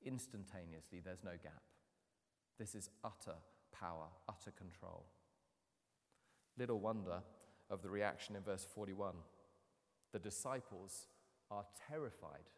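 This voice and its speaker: A man in his thirties preaching a sermon, telling the story with animated, dramatic swings from loud to hushed. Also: deep voice, a little slow, long pauses. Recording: long hall reverb.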